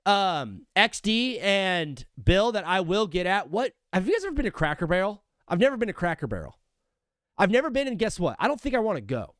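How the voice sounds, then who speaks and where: On a casual live sports stream, a young male host chats jokingly and rambles, addressing viewers as brother. He sounds high and a bit bright with a clean tone, recorded at studio quality without any room sound.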